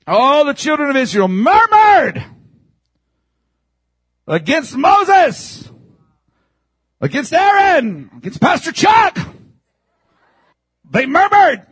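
A man preaching a sermon as pastor, swinging from shouted passages to hushed, low delivery. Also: no echo, studio quality.

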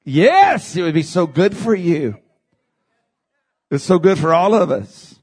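A male pastor delivering a sermon, calling out to the congregation and rising to shouts at the peaks. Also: sing-song, slow, breathy edge. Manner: preaching with big swings in pitch, shouting at peaks; addresses congregation with calls of amen.

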